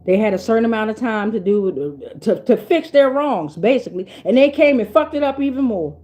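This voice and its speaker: A woman with a fairly high voice reads tarot in a loose, unscripted way. She is blunt and profane, and preaches at her listeners. She repeats lines to drive her point home. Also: animated, fairly quick, dark tone. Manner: emphatic, repeats herself for weight. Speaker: tarot reader. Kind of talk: casual spiritual tarot reading.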